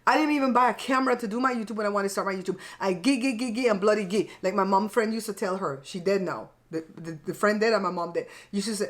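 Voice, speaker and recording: Hosting her own channel, a middle-aged woman eats and chats casually at a quick pace in a mid-range voice. She is plain-spoken, blunt and frank, cursing mildly and laughing often.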